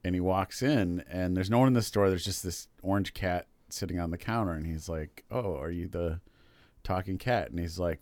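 Podcast co-host, very low voice, dry close sound, rambles, laughs at own jokes. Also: male voice, moderate pace, darkish tone, no room sound. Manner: rambling, loses track, laughs at himself. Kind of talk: casual chat, telling a joke.

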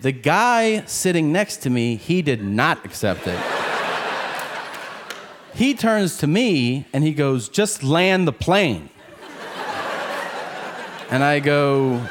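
A man doing a stand-up comedy set on a club stage, acting out characters in quick asides. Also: a little high, sing-song. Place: comedy club stage before a laughing audience. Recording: live club recording with crowd laughter and noise.

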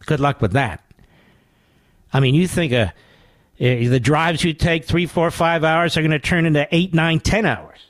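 A man's voice: a little high, normal speed, no echo. A man hosting a radio talk show, delivering a sarcastic, mocking monologue full of rhetorical asides into a studio microphone.

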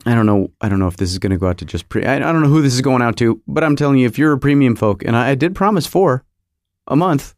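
A man's voice: mid-range voice, lively intonation, fast, a little mellow, no room sound. A man hosting his podcast from a garage home studio, rambling and joking with lots of fillers and restarts. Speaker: podcast host. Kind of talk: casual rambling monologue.

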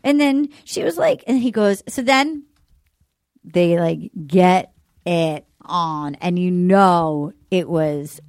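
A woman's voice: on the low side, slow pace, darkish tone, no room sound, clean studio sound. A woman hosting a podcast, recapping a dating show and acting out quotes in mock crying voices. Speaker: podcast host. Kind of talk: gossipy recap with impressions.

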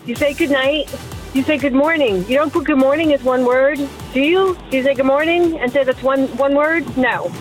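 Playful high-voiced woman. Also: normal speed, faint music behind, poor audio.

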